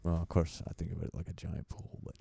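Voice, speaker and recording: A man's voice: sits low, monotone, fast talker, creaky, mellow, slightly rough, no echo, studio quality. A man co-hosting a podcast, rambling through casual chat and laughing often. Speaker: podcast co-host. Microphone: studio mic with headphones.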